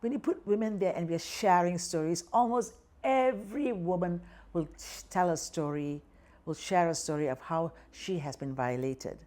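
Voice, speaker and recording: A woman's voice: on the low side, normal speed, dark tone. An older woman from Malaysia with a Malaysian English accent, speaking passionately in an interview and acting out what others say. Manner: passionate, acts out quoted voices, frequent "right?" and "you know". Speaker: activist guest. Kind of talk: conversational interview.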